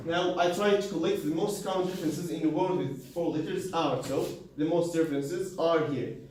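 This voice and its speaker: Halting man presenting in an echoey classroom. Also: fairly high pitch, darkish tone, far from the mic. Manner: halting, many fillers and restarts, non-native grammar. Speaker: student presenter. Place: university classroom. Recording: very echoey room, voice from afar, faint noise.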